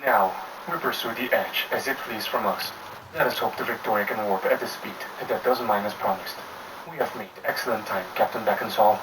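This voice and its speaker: A man's voice: on the low side, fairly quick, natural voice. A man voicing an arrogant, intense older male scientist who talks in a grand, self-assured way. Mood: pleased. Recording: distant mic with steady background hiss.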